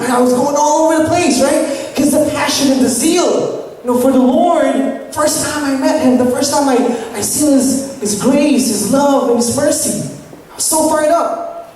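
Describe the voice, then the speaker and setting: A young woman from the Philippines gives a lively camp sermon and often asks the audience "right?". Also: high-pitched, moderate pace. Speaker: camp speaker. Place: large hall at a church summer camp. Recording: echoey hall, distant mic, faint noise.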